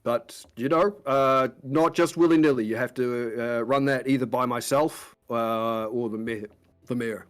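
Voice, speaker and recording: A man's voice: mid-range voice, a little slow, natural voice. A man as a rambling, fussy guard captain. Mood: explaining. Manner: hedging, over-explaining.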